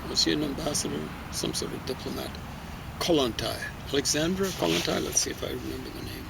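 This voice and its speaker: A man's voice: a little high, quick pace, creaky, background noise. A man giving a casual, rambling book review outdoors in a garden, musing aloud with many fillers and asides.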